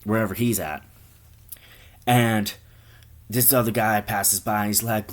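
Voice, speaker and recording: A man's voice: fairly low pitch, steady tone, a little slow, pauses often. A man telling a rambling, profane comic story in a casual way. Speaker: comedian.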